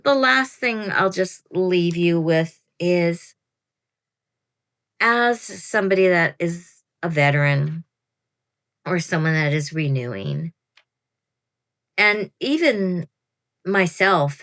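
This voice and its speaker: A woman in her fifties giving casual, chatty advice to newcomers, rambling a little and laughing at herself. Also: sits low. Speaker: veteran program participant giving advice. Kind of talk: casual advice talk to camera.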